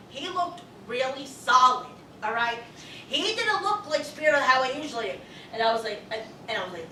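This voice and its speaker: A loud woman medium rambles through stories for a live crowd, cursing freely in a high, bright voice. She sounds distant from the mic in an echoey room with a faint hiss behind her. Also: animated, brisk. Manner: loud, profane, rambling storyteller. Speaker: psychic medium. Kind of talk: live audience Q&A talk.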